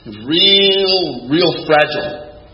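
A man's voice: a little high, animated, extremely slow. An older man, telling his story at a recovery meeting in a wry, folksy way with dry punchlines. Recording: echoey hall with dull lo-fi sound and faint room noise.

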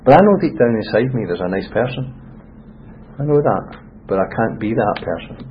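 A man's voice: medium pitch, expressive, normal speed. A middle-aged man with a Scottish accent, candidly telling his life story in a rambling way with frequent restarts. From Scotland. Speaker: speaker sharing his story. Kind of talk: personal testimony talk. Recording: dull lo-fi recording with faint noise.

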